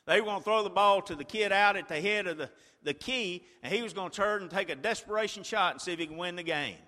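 A man preaching a sermon, retelling a story like a play-by-play and swinging from a hush to a shout. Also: sits high, quick pace, in a large hall.

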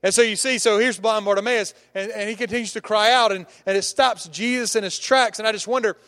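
A man's voice: high-pitched, fairly even intonation, a little fast, fairly bright tone. A man preaching a sermon, telling a humorous story with many restarts and acting out the characters' lines.

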